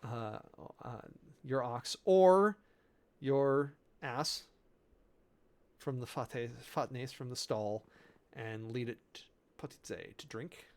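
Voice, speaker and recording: A man preparing a sermon in a loose, halting way, working through Greek words with many fillers and self-corrections, amused by the details. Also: medium pitch, darkish tone. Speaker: preacher.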